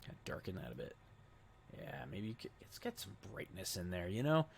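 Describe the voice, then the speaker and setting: A young adult man giving a casual screen-recorded software tutorial, thinking aloud as he clicks through settings. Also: low-pitched, huge pitch swings, fairly quick, gravelly, slight background noise. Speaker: web design tutor.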